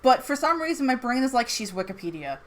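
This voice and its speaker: A woman's voice: fairly high pitch, sing-song, quick pace. A woman chatting casually about a character from a tabletop game, giggling often and acting out quotes. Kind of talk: casual chat.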